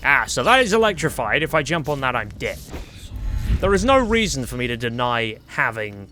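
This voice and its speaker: Sweary, animated male gamer. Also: mid-range voice, moderate pace, slight background noise. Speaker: gameplay commentator. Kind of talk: casual gameplay commentary.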